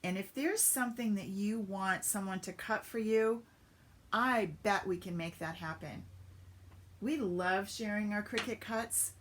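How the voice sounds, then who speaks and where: A woman's voice: mid-range voice, a little slow, slight background noise. A woman giving a chatty step-by-step craft demonstration on a live stream, greeting viewers as she works. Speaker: papercraft demonstrator.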